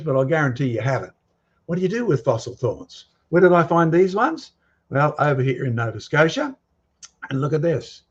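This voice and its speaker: A man's voice: mid-range voice, breathy edge. Emphatic man lecturing, dull lo-fi sound. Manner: emphatic, quizzing the audience with provocative questions. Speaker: guest lecturer. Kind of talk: lecture with slides to a live audience.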